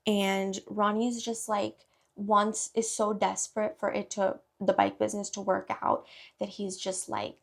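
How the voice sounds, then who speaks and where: Chatty woman with a gravelly edge. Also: mid-range voice, little pitch movement, a little slow. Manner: rambling, filler-heavy, chatty. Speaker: beauty vlogger. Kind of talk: casual get-ready-with-me chat.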